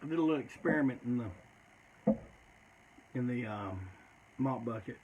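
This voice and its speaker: A man's voice: medium pitch, unhurried, narrow, tinny audio, a little hiss or hum. A man telling stories in a loose, rambling, profane way, often tacking "man" onto his sentences. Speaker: storyteller. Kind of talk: casual storytelling.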